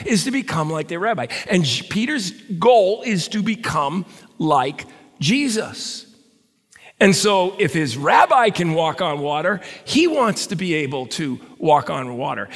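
A man's voice: sits high, vocal fry, fairly bright tone. A male pastor preaching a sermon in a conversational way with stammered restarts, recorded in a reverberant hall.

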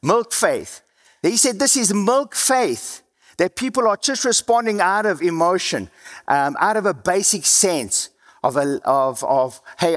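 A man with a South African accent preaches a sermon conversationally, his voice falling low and quiet at the ends of phrases. His mouth sounds slightly dry, and the recording carries a long hall reverb.

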